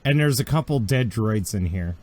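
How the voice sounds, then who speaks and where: A man's voice: fairly low pitch, normal speed. A man narrating a tabletop role-playing game as game master, in a jokey, casual way. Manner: lively, jokey, swears casually.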